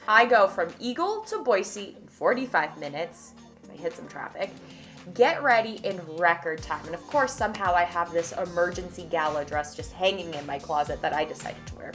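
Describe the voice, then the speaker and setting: Animated young woman telling a story. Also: medium pitch. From Idaho, US. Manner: animated, chatty, swings from loud to hushed. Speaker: vlogger. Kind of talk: casual storytelling to camera.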